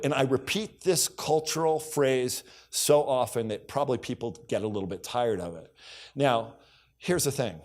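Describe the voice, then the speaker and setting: A middle-aged man speaking at a business summit, mid-range in pitch. He tells personal anecdotes in a storyteller's way, slipping into quick impressions of coworkers and his wife, and keeps returning to a catchphrase. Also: darkish tone. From United States. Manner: storytelling, acts out dialogue, repeats catchphrases. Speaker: keynote speaker. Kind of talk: motivational keynote speech. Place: conference hall stage.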